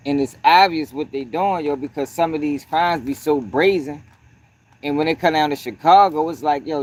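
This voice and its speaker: A man's voice: on the high side, darkish tone. A man hosting a livestream, talking casually and profanely, dropping "yo" constantly and breaking off to greet people in the chat. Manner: profane, peppers talk with "yo"; greets chat between points. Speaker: livestream host.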